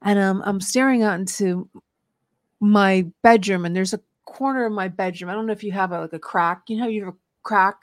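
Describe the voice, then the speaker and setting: A woman hosts a radio talk show and tells a long personal story. She rambles earnestly and often restarts her sentences. Her voice sits at a middling pitch and sounds dry and close to the mic. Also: brisk, no echo. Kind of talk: casual radio interview, personal testimony.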